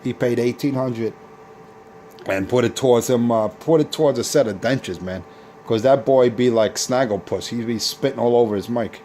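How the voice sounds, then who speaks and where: Over a CB radio with a little hiss or hum, a man with a mellow, medium-pitched voice speaks at normal speed. He trash-talks rival operators in boastful, repetitive radio banter.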